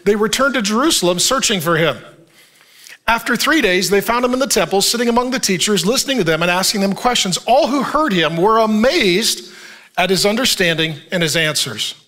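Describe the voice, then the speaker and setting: A middle-aged male pastor preaching a sermon in an animated, joking way, reading scripture and acting out the people in the story. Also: high-pitched. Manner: animated, jokey, acts out voices in the story.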